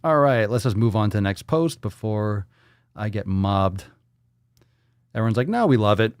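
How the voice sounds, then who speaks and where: Low-voiced man, livestream host, teasing and profane, dry close sound. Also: moderate pace, clean tone, no room sound. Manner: joking, teasing, plays with pronunciations; swears casually. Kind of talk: casual livestream chat reading comments.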